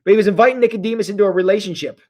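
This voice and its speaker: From a church, a pastor delivers a casual, jokey livestream sermon, reading viewer comments aloud and often stopping and restarting mid-sentence. His voice is mid-range with a darkish tone.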